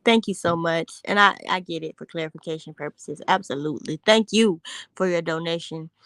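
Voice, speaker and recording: A young woman hosts a casual livestream in a low-leaning, fairly bright voice, talking fairly quickly with no room sound. She reads out viewer comments, joking brashly, swearing, and laughing as she speaks right to chat.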